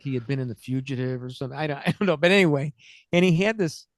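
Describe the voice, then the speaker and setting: A podcast host with a higher-pitched voice tells a long, rambling story on his chat show, interrupting himself and laughing through the funny bits. The recording is dry and studio quality.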